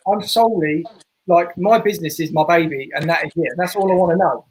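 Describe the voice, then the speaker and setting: A man's voice: on the high side, a little fast, slight background noise, poor audio. A man, a barbershop owner, chatting earnestly as a podcast guest. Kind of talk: casual podcast chat.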